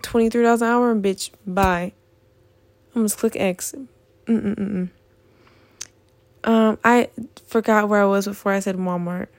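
A woman's voice: mid-range voice, darkish tone, no echo. A young woman in a casual vlog, ranting in an exasperated, profane way about things that annoy her. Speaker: vlogger.

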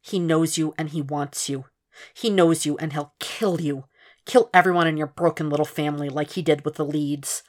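A woman narrating a fan fiction audiobook in a steady, measured reading. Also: sits low. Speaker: podfic reader.

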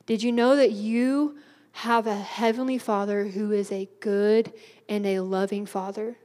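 A woman's voice: mid-range voice, fairly even intonation, measured pace, a little mellow. A young woman giving a youth sermon in a bubbly, chatty way, laughing often. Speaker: youth speaker. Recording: hall reverb.

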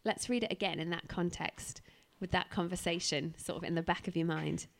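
Woman preacher, dramatic sermon storyteller, vocal fry. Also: fairly low pitch, brisk.

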